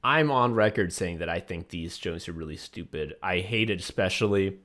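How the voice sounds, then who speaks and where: Man, fairly low voice, comedy podcast rant, profane, laughs a lot. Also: normal speed, a bit bright. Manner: ranting and profane, with exaggerated mock voices; laughs often while talking. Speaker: podcast co-host. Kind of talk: casual comedy podcast chat.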